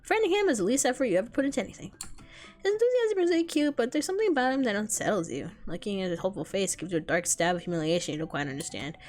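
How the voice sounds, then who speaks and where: A woman's voice: mid-range voice, lively intonation. Swearing young woman reading a game. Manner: quick, profane, self-deprecating banter. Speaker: streamer. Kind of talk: reading a visual novel aloud with commentary.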